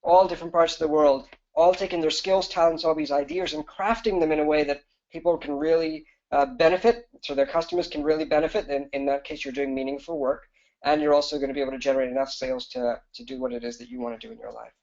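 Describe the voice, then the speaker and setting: A man with a fairly high voice hosts a live webinar as a business coach. He pitches in a fast, eager rush, full of fillers and restarts. The audio is dull and lo-fi. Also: gravelly, darkish tone.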